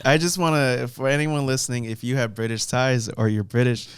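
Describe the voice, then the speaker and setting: A man's voice: medium pitch, steady tone, fairly quick, smooth, dry recording, studio quality. A man on a comedy podcast, making sheepish, joking disclaimers. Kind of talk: casual comedy banter.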